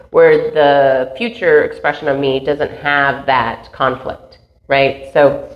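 A woman with a low voice talks through her inner practice in a meandering, earnest way and laughs at herself now and then. Her voice rings in a roomy space, and the recording sounds a little dull. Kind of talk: reflective spiritual monologue.

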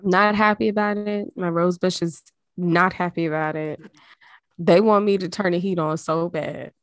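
A woman's voice: fairly low pitch, steady tone, moderate pace, no echo, studio quality. A woman co-hosting a podcast in casual chat, blunt and exasperated, swearing freely. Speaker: podcast co-host.

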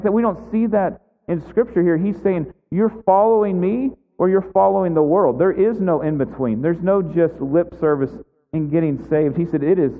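A man preaching a conversational sermon as a pastor, full of casual fillers. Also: a little high. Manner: conversational, many "like" and "right" fillers. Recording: echoey hall, tinny phone-like sound.

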